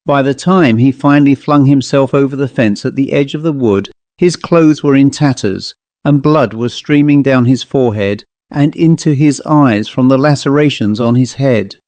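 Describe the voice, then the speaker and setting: A man narrating a ghost story as an audiobook, in a measured, steady way. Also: medium pitch, no echo.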